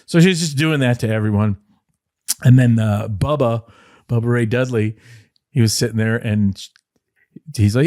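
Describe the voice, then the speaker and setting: A man's voice: lowish voice, fairly quick, warm tone, no echo, studio quality. A middle-aged man co-hosting a podcast, telling long rambling backstage anecdotes full of fillers, restarts and laughter. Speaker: podcast co-host, former wrestling insider. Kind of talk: casual storytelling chat.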